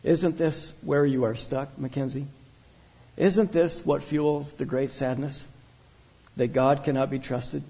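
Man voicing a wise woman judge, calm, measured, unhurried, soft, dark and husky. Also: medium pitch, exaggerated voice, low-quality recording. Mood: probing. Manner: calm, measured, without emotion.

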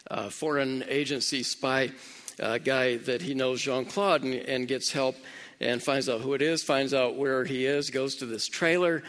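A man's voice: medium pitch, steady tone, a little slow, fairly bright tone. A man casually retelling a film's plot, chatting straight to his listeners. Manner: conversational, speaks straight to listeners.

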